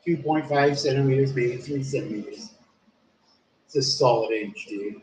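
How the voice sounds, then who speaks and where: A man's voice: medium pitch, moderate pace, a little mellow. A young man telling a long story in casual, rambling talk, swearing a lot and saying "dude" constantly. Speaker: live streamer. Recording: echoey room.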